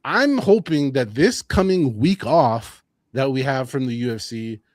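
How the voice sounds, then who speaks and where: A man co-hosting a combat sports podcast, talking in a casual, animated and opinionated way, often repeating his phrases. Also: mid-range voice, measured pace, no room sound, studio quality. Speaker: podcast co-host.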